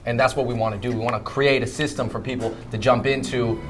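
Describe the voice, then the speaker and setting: A man's voice: medium pitch, fairly even intonation, quick pace. Laid-back young man chatting over dessert. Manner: laid-back, agreeable, talks while eating. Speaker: web video host. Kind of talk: casual interview chat. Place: dessert shop.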